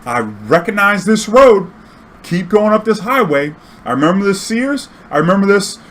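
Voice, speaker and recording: Man voicing a high-pitched woman passenger, flustered, insistent, pleading. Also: sing-song, normal speed, a bit bright.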